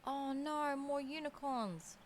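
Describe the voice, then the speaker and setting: A woman's voice: sits high, slow pace, slight background noise. A woman chatting aloud as she streams a video game. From Australia. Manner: chatty, thinks aloud while playing. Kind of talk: casual gameplay commentary. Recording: game music loud behind voice. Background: game music.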